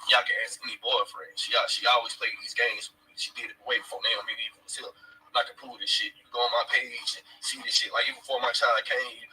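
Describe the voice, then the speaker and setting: A man's voice: medium pitch, flat delivery, fast, bright, forceful tone, distant mic, a little hiss or hum, rough recording. A man casually retelling events to camera in a blunt, profane, emphatic way. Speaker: father of a missing woman's child.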